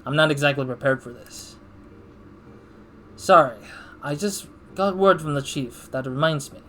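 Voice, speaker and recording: A man's voice: fairly high pitch, unhurried, fairly bright tone, a little hiss or hum. A man doing let's play commentary, rambling and thinking aloud in a self-deprecating way. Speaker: gamer.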